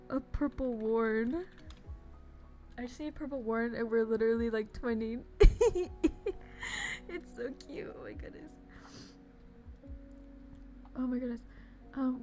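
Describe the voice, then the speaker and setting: A woman's voice: high voice, dark tone. A woman streamer chatting casually on a live stream, gushing and giggling as she greets her viewers.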